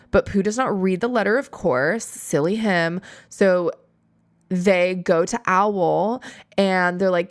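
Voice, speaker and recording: A woman in her late twenties hosting a podcast, chatting casually in a slangy, animated storytelling way. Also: on the low side, dry recording, studio quality. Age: 20s. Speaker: podcast host. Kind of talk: casual chat.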